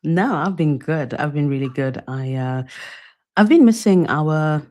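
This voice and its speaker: A British woman hosting a casual interview, speaking warmly and hesitantly with many fillers. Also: deep voice, animated, unhurried. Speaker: podcast host.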